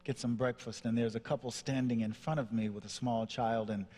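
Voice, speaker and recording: A man's voice: mid-range voice, fairly even intonation, fairly quick, dark tone. A man from Nashville, Tennessee, telling a personal story on stage as a motivational speaker, acting out the voices in it. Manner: dramatic storyteller, acts out voices. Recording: long hall reverb.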